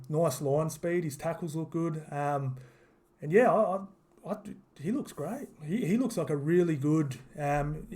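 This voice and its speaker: A man's voice: medium pitch, a little mellow. A man giving a rambling, casual sports recap full of fillers and restarts. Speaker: sports vlogger.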